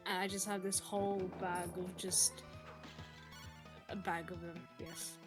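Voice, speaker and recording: A woman's voice: on the low side, flat delivery, measured pace, over music. A woman in a casual voice chat, giggly and playful, swearing freely.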